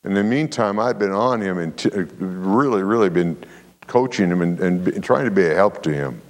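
A pastor's low voice trails off in a long reverb as he preaches at a moderate pace. Through animated storytelling, he leads the congregation in call-and-response amens.

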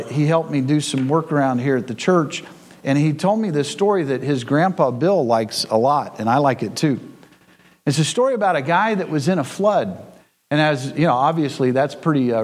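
A man's voice: on the high side, a little mellow. A male pastor preaching a sermon in a church, with folksy storytelling and frequent repetition.

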